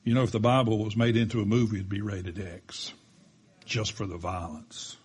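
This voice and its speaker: A man preaching a sermon as a pastor, telling the story with animated delivery and acting out the quoted lines. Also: on the low side, normal speed, slightly rough.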